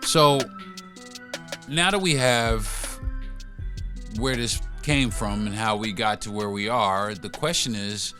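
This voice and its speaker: A man's voice: fairly low pitch, takes it slowly, long pauses, over music. Emphatic man ranting on a podcast. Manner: emphatic, repetitive, profane ranting. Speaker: podcast host. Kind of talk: solo podcast monologue.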